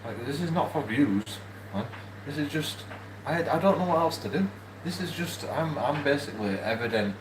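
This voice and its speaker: A man's voice: fairly high pitch, lively intonation, normal speed, reverberant, background noise. Drunk, rambling man ranting. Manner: angry, rambling, swearing, repeating himself. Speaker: YouTube channel host. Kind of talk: drunk ranting vlog to camera. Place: room in a shared house.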